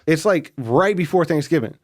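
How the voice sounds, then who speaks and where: A man's voice: on the high side, moderate pace. A man, a podcast guest, telling a long story in a casual interview, swearing freely and acting out what other people said. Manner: profane, animated, acts out quoted people.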